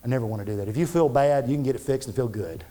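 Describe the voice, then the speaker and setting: A man's voice: mid-range voice, very fast, warm tone. A man, a pastor preaching a fervent, conversational sermon full of repetitions.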